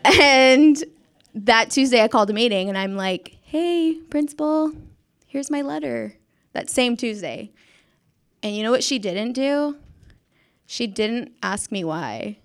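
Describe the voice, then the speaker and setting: Chatty young woman with a smooth voice. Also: fairly high pitch, expressive, measured pace. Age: young adult. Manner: chatty, self-mocking, acts out quotes, laughs often. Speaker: former schoolteacher. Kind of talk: casual storytelling.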